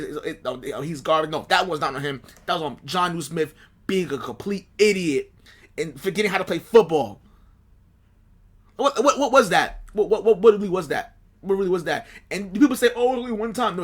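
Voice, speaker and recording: Exasperated high-voiced man ranting. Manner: animated, exasperated, repeats himself. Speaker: sports podcast co-host. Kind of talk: casual fan chat.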